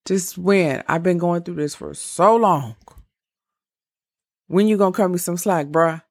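A woman's voice: fairly low pitch, measured pace, dry recording, studio quality. A woman voicing a worn-out pleading wife. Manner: pleading, repeating herself.

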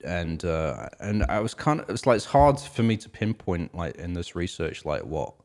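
A man's voice: sits low, sing-song, moderate pace, a little mellow. A young man co-hosting a casual music podcast, talking in loose, rambling sentences full of fillers. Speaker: podcast co-host. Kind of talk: casual chat about music.

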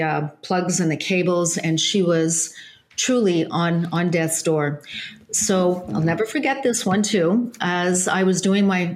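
A woman telling a personal story in an earnest, halting way, with fillers and restarts. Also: lowish voice. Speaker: guest. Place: Laguna Beach area.

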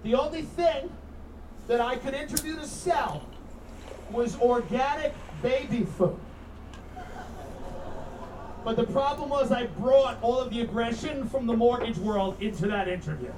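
A brash stand-up comic from Long Island rants through his set, often laughing at his own jokes. He is a man with a very high voice, heard from far off. The sound is an echoey stage recording with clear room noise underneath. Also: a little slow, pauses often. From Long Island, New York. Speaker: stand-up comedian. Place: theater stage.

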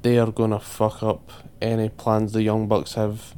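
Low, flat-voiced podcast host. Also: male voice, a little slow, clean tone. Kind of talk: casual podcast chat.

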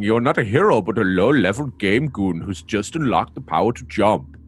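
A man's voice: on the low side, lively intonation, normal speed, few pauses, slightly rough. A man co-hosting a podcast, playful and jokey, reading game release news between laughs. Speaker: podcast co-host. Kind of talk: casual podcast chat and game-release readouts.

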